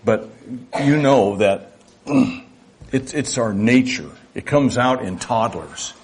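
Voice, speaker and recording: Older man, church sermon, unhurried, folksy, medium pitch. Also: expressive, breathy edge. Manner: unhurried, folksy and reflective, acting out little dialogues. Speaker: pastor.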